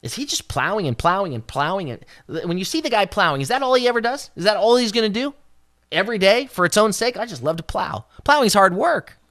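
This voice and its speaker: A devotional Bible teacher with an expressive delivery who rises in pitch when acting out the words of scripture, then settles back to explain. The recording is dry and close, with no room sound. Hebrew terms are unpacked along the way. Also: quick pace, no room sound. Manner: expressive, voices scripture quotes with raised pitch.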